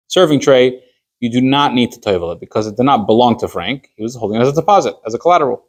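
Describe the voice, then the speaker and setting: A man's voice: on the low side, fast talker. Conversational male rabbi teaching. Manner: conversational, walks through hypothetical stories with fillers; acts out little scenes with quoted dialogue. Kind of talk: informal Jewish law class.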